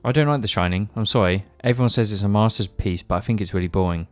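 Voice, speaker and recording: A man co-hosting a casual podcast, reading silly lines quickly and throwing in jokey interjections. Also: lowish voice, dry recording. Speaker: podcast co-host.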